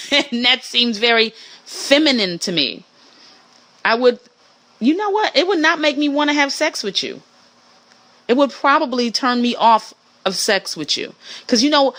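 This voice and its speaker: Animated, bright-voiced woman riffing. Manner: animated, swinging pitch for emphasis, mimics people she describes. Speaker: podcast host. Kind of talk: casual monologue.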